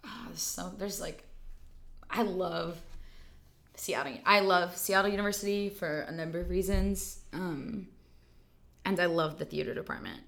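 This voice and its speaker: A female theater actor appears as a guest on a relaxed podcast, recounting a story in a lively, talkative manner full of fillers. Her voice sits fairly low and comes out slightly slow with some creak.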